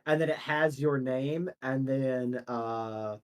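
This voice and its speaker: A man narrating as game master of a tabletop role-playing game, laughing often between quick asides. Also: mid-range voice.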